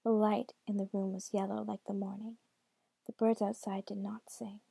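A woman reading a dark fairy tale aloud in a hushed, intimate way, often dropping close to a whisper. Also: medium pitch, flat delivery, normal speed, vocal fry, slightly rough, no echo. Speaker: storyteller. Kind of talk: storybook reading.

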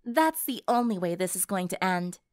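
A woman's voice: fairly low pitch, animated, moderate pace, no echo, clean studio sound, natural voice. A woman voicing a flippant young female vampire with a nasal voice. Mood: smug.

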